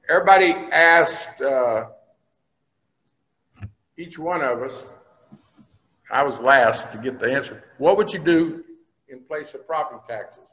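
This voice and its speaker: An older Texas state senator tells folksy, plain-spoken stories in a speech to a business breakfast. His voice is on the high side and a bit bright, with a long hall reverb on the recording.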